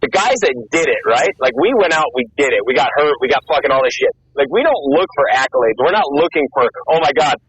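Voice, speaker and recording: A man in his thirties tells his stories in a rush, swearing freely and acting out every quoted line. His voice sits a touch high for a man. The audio comes through dull and lo-fi, like a call. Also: slightly rough, no echo. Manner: fast, profane, excited storytelling with acted-out quotes. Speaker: guest, former Marine and MMA fighter. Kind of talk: casual interview storytelling.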